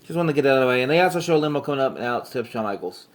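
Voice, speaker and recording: A man's voice: mid-range voice, expressive, very fast. A man casually recapping an old wrestling show, rambling and correcting himself as he goes. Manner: rambling, self-correcting, chuckles often.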